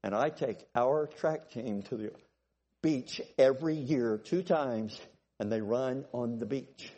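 A man preaching a sermon, telling stories and checking in with his congregation, swinging from loud bursts to low asides. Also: takes it slowly. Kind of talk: sermon with storytelling.

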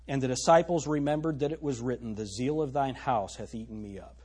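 A male pastor delivers a sermon, reading scripture aloud and pressing his congregation with emphatic rhetorical questions. His voice is medium-pitched, husky and darkish in tone, and he speaks fairly quickly.

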